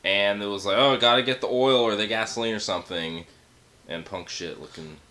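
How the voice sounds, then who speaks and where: A man with a lowish voice and a bright, edgy tone. He talks in short, dry, deadpan asides during a casual movie chat. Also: a little fast. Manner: dry, brief deadpan remarks. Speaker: co-host of a movie review.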